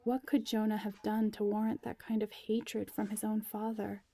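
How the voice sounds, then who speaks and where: Female story narrator, intimate and hushed, flat delivery, dry close sound. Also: mid-range voice, normal speed, dry recording. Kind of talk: first-person story reading.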